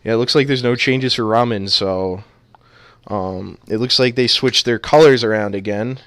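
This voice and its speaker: A man's voice: mid-range voice, moderate pace, a bit bright, no room sound. A man casting a video game match live, trading playful jokes with his co-caster. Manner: joking, playful banter. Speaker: esports caster.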